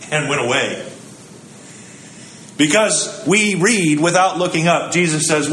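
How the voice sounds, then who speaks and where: A man's voice: on the high side, moderate pace, sharp tone, roomy sound, a little hiss or hum, low-quality recording. A man giving a sermon in a conversational, storytelling way, acting out the quotes he tells. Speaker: preacher.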